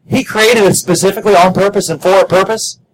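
A man preaching a sermon in a church, emphatic and repetitive, rising to shouted peaks with frequent restarts. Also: high-pitched, fairly even intonation, fast, a little hiss or hum, poor audio. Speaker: pastor.

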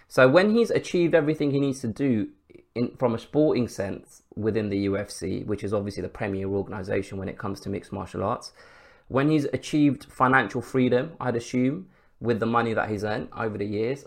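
Male podcast host, mid-pitched, fired-up solo take, lots of rhetorical questions and swearing. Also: fairly bright tone. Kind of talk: casual sports commentary monologue.

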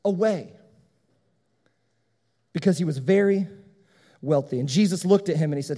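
A man's voice: fairly high pitch, normal speed, long pauses, warm tone. A man preaching a sermon as pastor, emphatic and repeating his key phrases. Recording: long hall reverb.

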